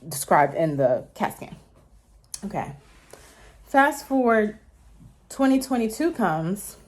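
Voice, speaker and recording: A woman's voice: mid-range voice, a little mellow. Chatty woman, slightly out of breath. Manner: chatty, rambling with many fillers and self-corrections. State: short of breath. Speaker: vlogger. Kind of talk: casual storytelling to camera.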